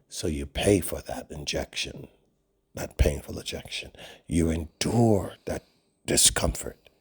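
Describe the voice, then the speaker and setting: A man preaching a sermon in an earnest way, sometimes dropping to a hush on painful words. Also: low-pitched, husky.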